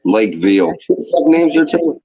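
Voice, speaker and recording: Picture a man on a casual podcast, cursing freely and playing up outrage as he teases his buddy. His voice sits fairly high and swings widely. The stream audio sounds dull and lo-fi. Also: big pitch swings, a little fast, mellow. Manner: profane, mock-outraged ribbing. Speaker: podcast co-host. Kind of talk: casual chat.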